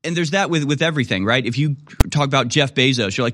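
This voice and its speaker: Talk radio host, dry close sound. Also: male voice, mid-range voice, fast talker, a bit bright, no room sound. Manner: rambling, acts out other people in skits. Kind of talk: casual talk radio monologue.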